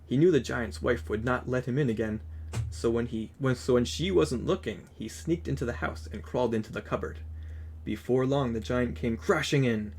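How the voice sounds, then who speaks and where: Male storyteller, husky tone, gentle read-aloud for kids. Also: mid-range voice, moderate pace. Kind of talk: reading a children's picture book aloud.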